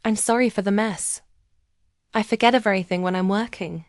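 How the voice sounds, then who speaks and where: An eager, free-spirited woman painter in her fifties, as a storyteller puts her on, direct and encouraging in a middle-pitched voice. Her lines come through dry and close, with no room around them. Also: steady tone, moderate pace, dry recording, close to an everyday voice. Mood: enthusiastic.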